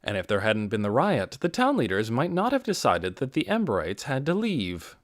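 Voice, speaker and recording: A man narrates an audiobook with a very lively, wide-ranging delivery and measured emphasis. His voice is mid-pitched and sounds close and dry. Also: no room sound. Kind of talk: scripted narration.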